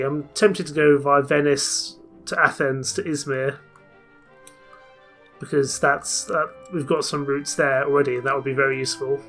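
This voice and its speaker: A man's voice: a little high, fairly bright tone. A man casually commenting on a story game and reading its text aloud in a chatty, rambling way. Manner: chatty, rambling, self-correcting. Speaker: let's play host.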